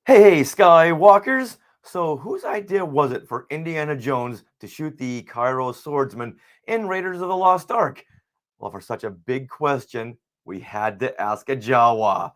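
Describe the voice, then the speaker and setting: A man hosts a casual live podcast in a mid-pitched voice. He teases his co-host playfully and keeps things light and jokey. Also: animated, a little slow, fairly bright tone. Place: home recording setup in Long Beach, California. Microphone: podcast microphone.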